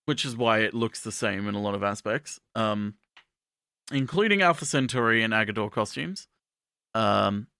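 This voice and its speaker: A man's voice: lowish voice, gravelly, sharp tone, dry recording, studio quality. A man co-hosting a casual podcast, talking in a hesitant, wry way with lots of ums and uhs. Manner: hesitant, filler-heavy, wry. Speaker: podcast co-host.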